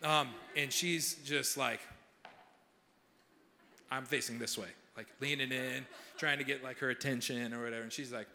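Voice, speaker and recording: A young male pastor giving a sermon, telling a funny personal story with animated, self-mocking humor before he prays. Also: mid-range voice, moderate pace, in a large hall, a little hiss or hum. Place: large church hall.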